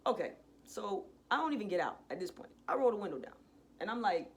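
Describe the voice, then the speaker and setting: A young adult woman vlogger in a casual storytime, retelling events in a profane, slangy, animated way. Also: mid-range voice, fast talker.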